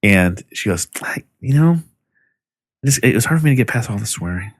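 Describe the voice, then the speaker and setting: A man co-hosting a podcast in casual chat, talking in an earnest, halting way. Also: on the low side, expressive, dry recording, studio quality. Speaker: podcast co-host.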